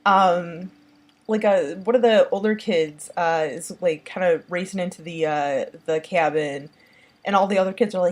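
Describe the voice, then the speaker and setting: Woman, low-pitched, casual horror review, rambling, filler-heavy, enthusiastic. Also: normal speed. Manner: enthusiastic, gushing. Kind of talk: casual film review monologue.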